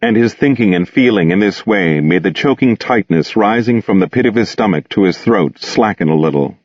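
A man narrating a novel aloud in a steady, measured, grave manner. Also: lowish voice, no echo. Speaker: audiobook reader. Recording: dull, dry close recording.

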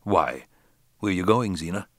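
Male reader doing a taciturn worried farmer, low and hushed, dry sound. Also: lively intonation, unhurried, no room sound, heavily acted. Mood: startled.

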